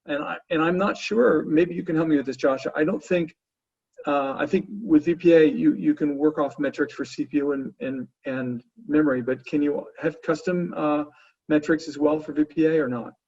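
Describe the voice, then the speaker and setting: Halting man on distant, muffled audio. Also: a little high, fairly even intonation, gravelly, darkish tone, slightly rough. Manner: halting, with frequent fillers and restarts. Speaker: panelist answering audience questions. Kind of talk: webinar Q&A answers.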